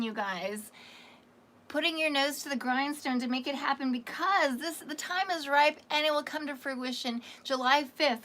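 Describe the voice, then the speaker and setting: A woman from Canada with a slightly raspy voice hosts a casual psychic livestream. She chats warmly with viewers, calling them honey. Her voice sits high and sounds bright and forceful. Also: a little hiss or hum. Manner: chatty and affectionate, calls viewers honey. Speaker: psychic reader hosting a livestream.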